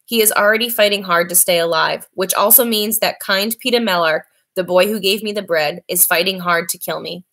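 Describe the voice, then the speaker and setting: A woman's voice: mid-range voice, brisk, hardly any pauses, a bit bright. Woman reading a novel aloud. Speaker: reader.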